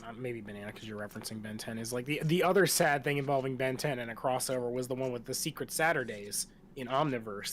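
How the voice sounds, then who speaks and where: A man chatting casually on his game stream, his voice sitting at an ordinary middle pitch. He rambles from one tangent to the next and swears without a second thought. A faint hiss of noise sits under his voice.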